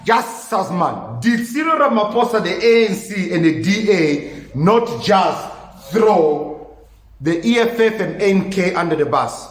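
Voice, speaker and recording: Animated man, high lively voice. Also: a little slow, roomy sound. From South Africa. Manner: animated, incredulous, addresses listeners as guys. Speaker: podcast host. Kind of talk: reactive political commentary.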